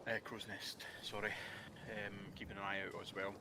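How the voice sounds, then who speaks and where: Male game master, lowish voice, easygoing narration with fillers, noisy voice-chat recording. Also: normal speed. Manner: relaxed, with frequent ums and uhs. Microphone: computer mic on voice chat.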